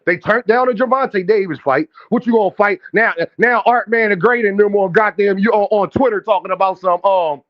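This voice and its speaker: Brash high-voiced male stream host. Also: a little fast, hardly any pauses, muffled recording. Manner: brash, profane trash-talking; addresses chat directly and calls out viewers. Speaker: boxing livestream host. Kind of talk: casual livestream commentary.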